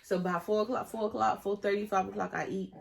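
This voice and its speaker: A woman's voice: medium pitch, fairly even intonation, quick pace, vocal fry, background noise. A young woman, chatting casually and teasingly with her sister on a vlog. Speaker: vlogger's sister. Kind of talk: casual storytime chat.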